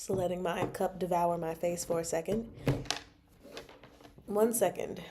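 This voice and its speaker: A woman's voice: on the low side, fairly even intonation, a little slow, noisy background. A young adult woman hosting a casual book chat, playful and laughing often as she reacts to a novel. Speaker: book club host reading and reacting.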